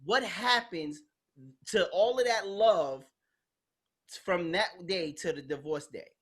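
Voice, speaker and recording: A woman's voice: on the low side, slow, breathy edge. A woman hosting a podcast in casual chat, talking bluntly and animatedly, acting out quoted voices and swearing freely. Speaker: podcast host.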